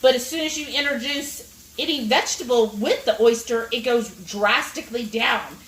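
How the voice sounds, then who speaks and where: Woman, cooking vlog host, animated storyteller, slightly high voice, roomy kitchen sound, off-mic. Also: normal speed. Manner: animated, addresses viewers directly. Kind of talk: chatty storytelling while cooking. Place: home kitchen. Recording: roomy kitchen, mic at a distance, faint sizzling.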